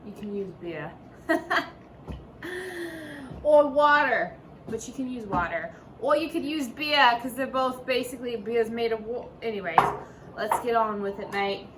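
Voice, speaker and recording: A woman's voice: a little high, measured pace. A woman hosting a casual home cooking video in her kitchen, talking in playful, profane mock-chef banter. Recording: noisy room ambience.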